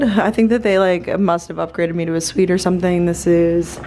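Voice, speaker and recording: A woman in her twenties, vlogging in a chatty, excitable way, full of "like", filmed at arm's length indoors. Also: on the low side, brisk, few pauses, slight background noise, low-quality recording. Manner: chatty, lots of likes, easily excited. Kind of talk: casual chat to camera. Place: apartment and hotel room, indoors.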